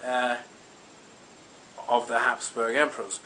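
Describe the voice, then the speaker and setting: A man's voice: medium pitch, little pitch movement, takes it slowly, sharp tone, slight background noise, voice pushed down, rough recording. A man voicing a bossy, officious male soldier who scolds and lectures.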